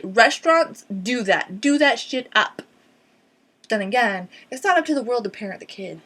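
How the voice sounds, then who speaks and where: A woman's voice: fairly high pitch, animated, moderate pace, a bit bright. A young woman vlogger ranting sarcastically and profanely, exasperated and blunt. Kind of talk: ranting vlog.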